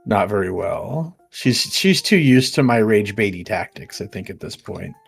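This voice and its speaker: A man's voice: lowish voice, expressive, moderate pace, creaky, breathy edge, faint music behind. A man in casual chat, joking and teasing his friends, swearing and laughing often.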